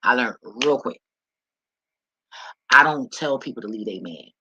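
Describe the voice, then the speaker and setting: A woman's voice: a bass voice, animated, measured pace, bright, forceful tone, slightly rough, no room sound, rough recording. A woman giving blunt, profane life advice straight to the viewer in an emphatic, preachy rant. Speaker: vlogger.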